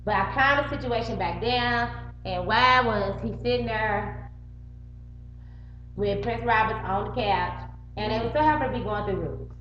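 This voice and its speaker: A middle-aged woman with a fairly high voice recounts a fight in a loose, animated vlog style. She curses without hesitation and jumps between her own lines and everyone else's. The recording is roomy and slightly muffled, with a faint hum under it. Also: a little slow, long pauses, soft background music. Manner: animated, swears freely, acts out both sides of arguments. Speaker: vlogger. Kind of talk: casual storytelling to camera.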